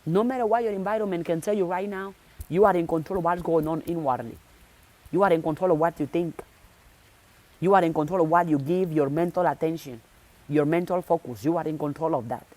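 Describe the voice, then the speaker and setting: A woman's voice: low-pitched, a little fast, darkish tone. Insistent woman giving a motivational talk. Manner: insistent, repeats phrases for emphasis; speaks to the viewer directly. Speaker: motivational speaker.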